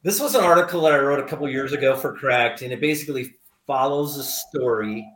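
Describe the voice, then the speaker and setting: A man's voice: mid-range voice, brisk, a bit bright, reverberant. A middle-aged man, a guest telling stories in casual radio chat with dry, self-deprecating humor. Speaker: guest writer.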